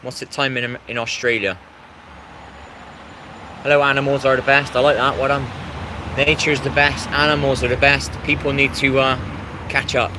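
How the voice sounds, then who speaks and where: A man's voice: mid-range voice, level tone, normal speed, long pauses, background noise. An English man talking casually on a live stream, rambling and repeating himself as he greets viewers in the chat. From England.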